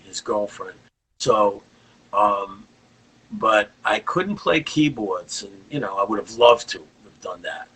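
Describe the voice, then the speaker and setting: A man's voice: lowish voice, fairly bright tone, husky, rough recording. An older man, a guest rock guitarist, telling rambling anecdotes in a casual interview.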